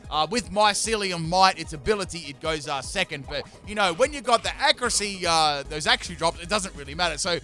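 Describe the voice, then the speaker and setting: A man's voice: fairly high pitch, expressive, quick pace, few pauses, bright, forceful tone, faint music behind. A young man hosting a gaming channel, giving chatty, joking commentary over his battles. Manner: chatty, joking, self-mocking asides. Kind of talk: casual game commentary voice-over.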